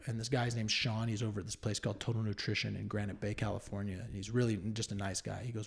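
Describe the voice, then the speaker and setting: A man's voice: on the low side, level tone, fast, gravelly. A man in his thirties earnestly telling a personal story as an interview guest, reflective and candid. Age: 30s. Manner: earnest, reflective, with fillers and restarts.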